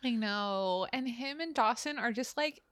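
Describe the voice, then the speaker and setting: A woman's voice: fairly high pitch, a little slow, fairly bright tone, dry recording, studio quality. A woman in her thirties co-hosting a podcast, chatting casually about a TV episode and acting out characters' lines. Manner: chatty, says "like" constantly, acts out characters' lines. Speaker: podcast co-host. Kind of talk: casual chat recapping a TV episode.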